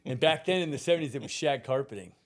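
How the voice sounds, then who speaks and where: A man around sixty, a podcast guest telling a long personal story in a casual, animated way, swearing freely and laughing through it. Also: mid-range voice, fast, slight background noise. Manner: animated, profane, laughs through his stories.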